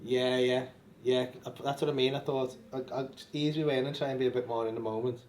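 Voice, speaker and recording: A man's voice: medium pitch, flat delivery, a little mellow, a little hiss or hum. A male stand-up comedian chatting backstage after a show, blunt and full of swearing. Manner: blunt, sweary, quick banter. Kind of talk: casual backstage chat. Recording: echoey room.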